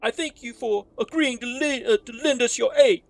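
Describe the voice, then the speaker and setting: On a stream, a woman voices a courteous middle-aged male innkeeper from a game, pushing her voice up only slightly from her everyday register so it's on the high side, at a moderate pace, with faint music behind. She uses a put-on New Jersey wise-guy accent with formal, old-fashioned speech, and the mood is courtly.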